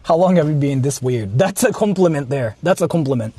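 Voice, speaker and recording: With a fairly high pitch and lively intonation, this man talks a little fast as he vlogs from his car. His driving chat is rambling and casual, loaded with fillers and swearing, over faint car and street noise.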